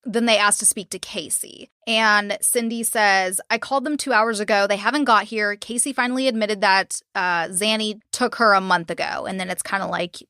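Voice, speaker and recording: A woman's voice: medium pitch, fairly even intonation, normal speed, hardly any pauses, bright, forceful tone, clear, resonant tone, dry recording, clean studio sound. A young woman hosting a true crime podcast, retelling a case in casual talk, swearing freely and acting out quotes. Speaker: podcast host.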